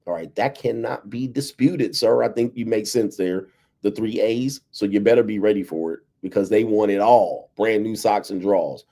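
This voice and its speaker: A man's voice: lowish voice, normal speed, warm tone. A man hosting a casual livestream, talking loosely to his viewers, laughing often and reading out chat messages. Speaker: livestream host.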